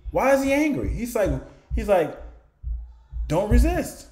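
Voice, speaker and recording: A man's voice: sits high, very animated, normal speed, a little mellow, roomy sound, faint music behind. A man giving informal bible teaching, asking rhetorical questions and answering them in a conversational way. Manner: conversational, with chuckles and restarts. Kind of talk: informal preaching to camera.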